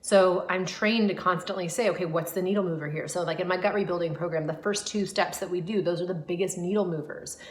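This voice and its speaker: A woman's voice: fairly low pitch, steady tone, fairly quick, few pauses. A woman gut health coach talking to camera in a casual, earnest, reflective way, with frequent fillers and restarts.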